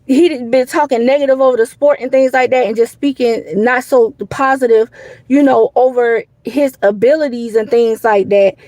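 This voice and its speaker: A woman's voice: a little high, fairly even intonation, moderate pace, a little mellow, no echo, poor audio. A woman hosting a live boxing show, talking in a loose, rambling, casual way with lots of "you know what I'm saying". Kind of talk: casual live stream commentary.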